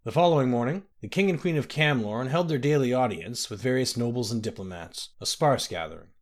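A man's voice: medium pitch, brisk. A man narrating a fantasy story aloud, reading expressively.

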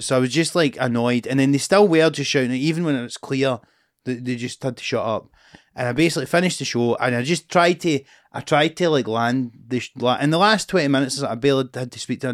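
A man's voice: mid-range voice, fast, dry recording. A young Scottish man, a comedian, telling a sweary anecdote while chatting in a podcast studio. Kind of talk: casual chat, storytelling.

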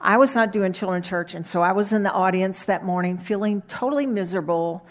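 A middle-aged woman, a children's pastor, telling a Bible story and her own testimony to children in a lively way, then praying gently. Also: mid-range voice, a little fast.

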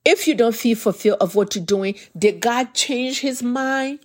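A woman's voice: a little high, normal speed. Earnest woman preaching a testimony. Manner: earnest, repeats words when stirred. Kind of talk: sermon testimony.

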